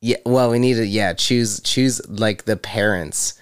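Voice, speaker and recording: A man's voice: fairly low pitch, measured pace, clear, resonant tone. A man co-hosting a podcast in casual chat, rambling, laughing often and swearing freely. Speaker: podcast co-host.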